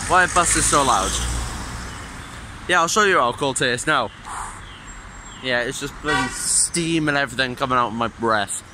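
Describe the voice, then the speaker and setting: A man's voice: mid-range voice, moderate pace, long pauses. A young man with a Welsh accent, rambling casually as a vlogger while he walks outdoors to a bus stop, talking into a handheld phone. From Wales. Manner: rambling and offhand, with loose swearing. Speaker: gaming YouTuber. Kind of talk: casual vlog chat. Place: outdoors on a busy street, walking to a bus stop. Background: passing traffic.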